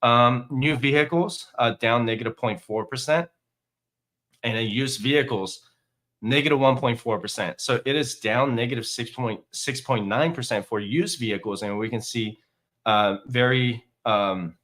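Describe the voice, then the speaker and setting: A man's voice: medium pitch, normal speed, a bit bright. A man hosting a casual finance livestream, talking viewers through figures with lots of fillers. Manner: chatty, many fillers, walking viewers through data. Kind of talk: casual live stream commentary.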